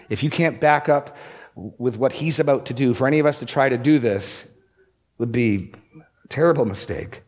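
A man's voice: medium pitch, husky. A man preaching a sermon, expository and emphatic, pushing up and dropping down to stress key words. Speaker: pastor.

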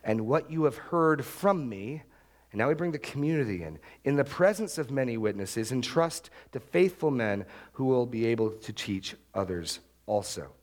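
A middle-aged male pastor preaching an expository sermon, emphatic and repetitive, with sharp upward jumps when he stresses a point. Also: medium pitch, expressive, normal speed. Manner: emphatic, repeats key phrases, rises sharply for stress.

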